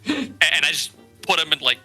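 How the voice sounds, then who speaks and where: A man's voice: a little high, sing-song, fairly quick, sharp tone, faint music behind, poor audio. A man playing a tabletop game, rambling and swearing as he describes his character's moves. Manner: rambling, swearing, self-correcting. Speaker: player. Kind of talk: casual chat in a tabletop game.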